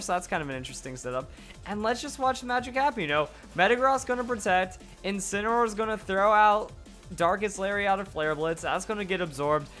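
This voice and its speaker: A man giving excited play-by-play commentary on a video game battle, his voice going hoarse. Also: sits high. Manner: hype, rapid play-by-play with exclamations. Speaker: gaming YouTuber.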